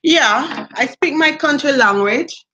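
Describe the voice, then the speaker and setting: A middle-aged Jamaican woman hosts a relaxed livestream, chatting between stories and reading out viewer comments to answer them, her accent strong throughout. Her voice sits high and she speaks slowly. The recording is muffled and reverberant, with a little hiss or hum.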